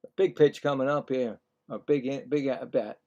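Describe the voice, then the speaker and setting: A man doing live play-by-play commentary on a baseball game, chatty and excitable, getting louder on big plays. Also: mid-range voice, dull audio. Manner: acts out players' thoughts in quick asides.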